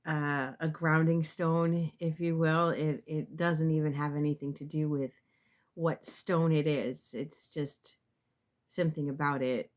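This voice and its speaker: A woman, a tarot reader, talking casually to camera in a halting way with many fillers and restarts, sounding emotional and close to tears. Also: low-pitched, little pitch movement, a little mellow.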